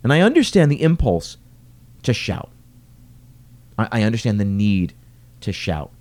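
A man's voice: on the low side, sing-song, measured pace, a little mellow. A middle-aged man who runs restaurants, talking alone in an earnest podcast monologue full of rhetorical questions. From lives in New York City.

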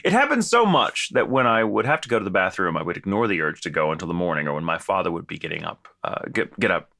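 A man reads listener ghost stories aloud on a casual podcast. His voice swings widely in pitch and has a bright edge. He laughs easily and stumbles over the text as he goes. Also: fast, creaky, no echo, clean studio sound. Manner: animated, laughs often, stumbles while reading. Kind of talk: casual chat and reading aloud.

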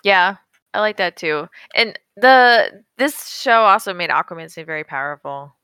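A woman co-hosting a casual chat about an animated film, easygoing and agreeable. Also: fairly low pitch, normal speed, clear, resonant tone, no echo, studio quality. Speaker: podcast co-host.

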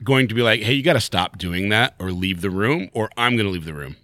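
A man co-hosting a podcast in casual chat, animated and teasing, laughing often. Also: fairly low pitch, a little fast, dry recording, clean studio sound. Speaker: podcast co-host.

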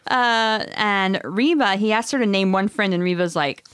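A woman hosting a casual chat, recapping a story in an animated, giggly way. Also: mid-range voice, moderate pace, clean tone, no echo, clean studio sound. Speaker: podcast host recapping a book.

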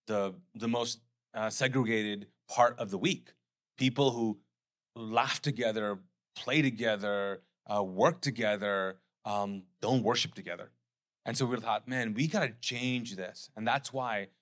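With a fairly low male voice, a middle-aged Pakistani pastor preaches, telling stories with animation before turning to hushed, heartfelt reflection.

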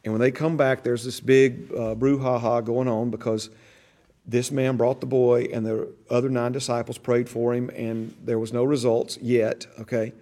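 A man's voice: medium pitch, level tone, normal speed, warm tone. An older man with grandchildren teaching a church discipleship class, conversational and storytelling, acting out voices in his stories.

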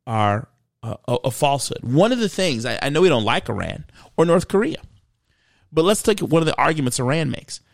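A man's voice: mid-range voice, no room sound, studio quality. A man hosting a commentary show, giving an earnest, emphatic political monologue and stumbling over repeated words as he restarts a thought.

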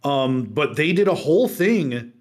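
A man co-hosting a casual podcast chat, animated and quick to laugh, trying out jokey mock accents. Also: fairly high pitch. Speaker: podcast co-host.

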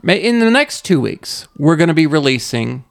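A man co-hosting a casual podcast, his voice rough and gravelly. He swings widely up and down in pitch as he jokes and rants, laughing into his sentences. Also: big pitch swings, moderate pace. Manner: joking, ranting, laughs mid-sentence. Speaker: podcast co-host.

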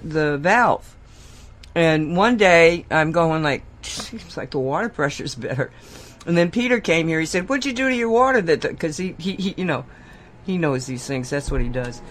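A woman hosting a relaxed conversation. She rambles through her stories, breaks into laughter often and jumps into little impressions of the people she quotes. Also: lowish voice. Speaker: host. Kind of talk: casual chat.

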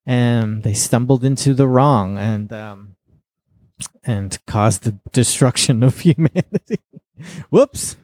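Casting: young man, mellow warm tone, dry close mic, calm explainer in a podcast. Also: medium pitch, slow pace, no echo. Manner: patient, explaining and correcting. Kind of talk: casual chat.

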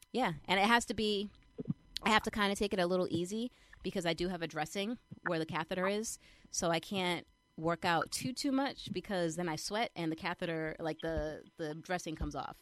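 A young adult woman chatting casually as she shares a personal update, retelling things in an animated way with lots of fillers. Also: fairly low pitch, no echo. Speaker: vlogger sharing a personal update. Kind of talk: casual chat.

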